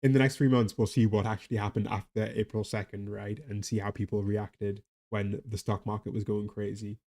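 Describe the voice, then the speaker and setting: This streamer, a tired man with a light Geordie accent, has a lowish, mellow voice with a level tone and a fairly quick pace. He rambles and laughs about the economy in casual conversation, talking to his chat and a pet.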